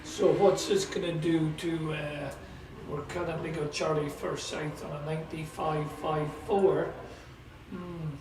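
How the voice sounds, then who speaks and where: A Scottish man calls a car sprint live, chatty and excitable. His voice sits a little high and sounds set back from the mic in a roomy space. Engines and outdoor ambience roar behind him. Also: measured pace. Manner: chatty, excitable, talks to a companion. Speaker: motorsport commentator. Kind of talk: live race commentary. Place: at a sprint track. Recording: roomy, distant mic with loud car noise.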